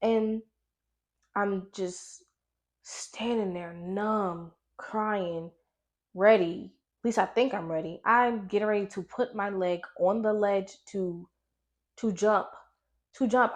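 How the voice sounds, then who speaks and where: A woman in her twenties giving a candid, emotional personal testimony, halting at times and restarting her sentences. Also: medium pitch. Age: 20s. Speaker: vlogger.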